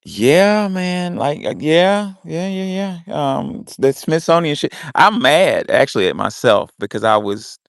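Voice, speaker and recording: A man's voice: fairly high pitch, very animated, a little slow, vocal fry, few pauses, no room sound, clean studio sound. A young man hosting a loose, casual audio chat, swearing freely and cutting in on others. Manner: loose and profane, cuts in often. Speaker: host.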